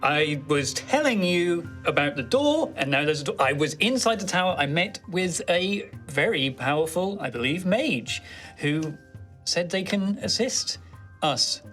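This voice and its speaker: Male player, slightly high voice, hesitant casual delivery, guitar bed. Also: lively intonation, a little slow, a bit bright. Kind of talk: casual tabletop play.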